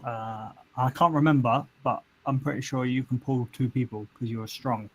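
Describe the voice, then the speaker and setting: A man's voice: medium pitch, fairly even intonation, moderate pace, slight background noise. Laughing man running a tabletop game. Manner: chatty, laughs often, thinks aloud. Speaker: game master.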